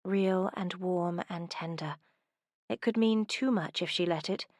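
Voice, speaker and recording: A woman with a lowish voice reads a romance novel aloud. Her delivery is soft and intimate. The sound is dry and close to the mic. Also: a little slow, dry recording. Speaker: audiobook narrator. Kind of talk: scripted romance narration.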